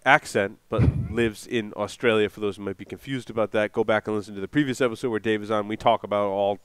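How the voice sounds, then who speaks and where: A man hosting a casual show, introducing a guest and teasing his co-host in quick upbeat bits. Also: lowish voice, steady tone, fairly bright tone, smooth, no echo.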